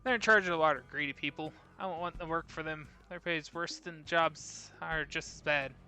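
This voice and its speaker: A man's voice: fairly high pitch, fairly even intonation, brisk, pushed and bright, soft background music. A man reading aloud the lines of a chatty, rambling woman who runs a gun shop, apologizing as she over-shares. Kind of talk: reading game dialogue aloud.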